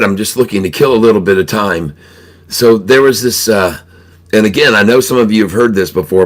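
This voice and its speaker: A man hosting a livestream, chatting casually and telling a joke, chuckling often. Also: on the low side. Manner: chuckles often, relaxed storytelling with fillers. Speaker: livestream host.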